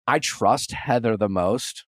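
A man's voice: fairly low pitch, slow, a bit bright, no echo, studio quality. A man in his forties hosting a podcast, talking bluntly, swearing freely and acting out quotes in casual chat. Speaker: podcast host.

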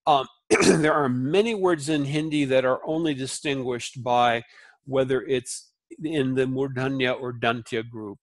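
A man teaching a recorded Sanskrit lesson, repeating syllables slowly and explaining them in a relaxed way with many fillers. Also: mid-range voice, no echo. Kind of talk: recorded lecture.

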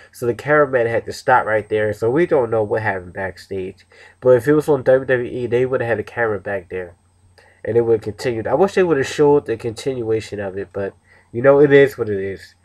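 A man giving a casual, rambling review of a wrestling show, with many restarts and fillers. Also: medium pitch.

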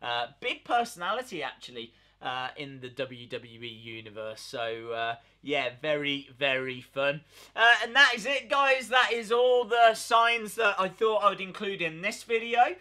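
A wrestling YouTuber with a high, very bright and sharp voice, talking casually straight to his viewers. He keeps chuckling as he comments and sounds amused throughout. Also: unhurried. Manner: amused, often laughing.

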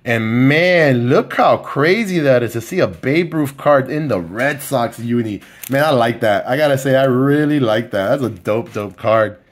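A man giving casual, excited commentary as he opens trading card packs, calling out each card and talking to his viewers. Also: mid-range voice, a little slow, hardly any pauses. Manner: excited, talks to viewers by name, lots of fillers. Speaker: card collector opening packs.

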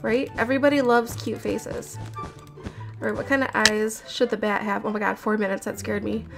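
A woman's voice: medium pitch, level tone, normal speed, creaky. A woman commentating as she builds in a game, chatty, nervous and giggly as she talks to her viewers. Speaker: gamer. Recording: game audio with background music. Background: background music.

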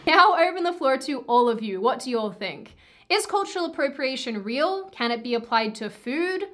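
A woman delivers scripted show commentary with a polished, wry touch. Her voice sits a little high and stays clean and even. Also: normal speed. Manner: polished and wry, addresses the audience. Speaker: show host.

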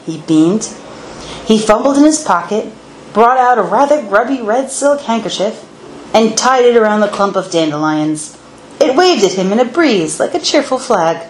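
A woman's voice: medium pitch, moderate pace, slight background noise. Woman reading a children's story aloud. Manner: expressive, playful storytelling. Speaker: paranormal investigator reading to spirits. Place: historic house interior. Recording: echoey room with faint ambience.

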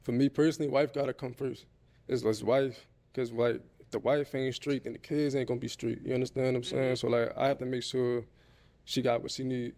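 A man on a dating show talks in a low, slightly mumbled voice. He is laid-back and casual, and he is from Philadelphia. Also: level tone, brisk, mellow. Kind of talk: casual conversation.

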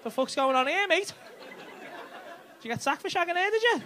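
The recording is very noisy, carrying a very high, animated male voice at a moderate pace. A stand-up comedian cheekily banters with the audience at a club, swearing liberally, as faint laughter sounds behind him.

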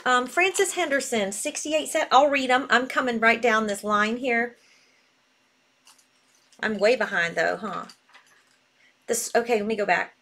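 A bubbly woman hosts a live selling stream and gushes freely. Her voice sits a touch high for a woman, bright with easy enthusiasm. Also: a little slow, pauses often. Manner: bubbly, gushing. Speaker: live sale host.

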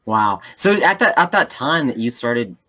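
A man hosting an interview over a video call. His voice is bright and forward. He asks his questions with eager enthusiasm. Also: medium pitch, very animated, moderate pace. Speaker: host. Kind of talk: casual interview.

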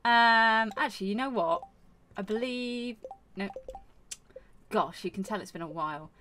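This gaming YouTuber speaks at an unhurried pace in a medium-pitched, fairly bright voice, with slight background noise audible. She chats casually through a farming game for her channel, rambling on, scolding herself, and using many fillers.

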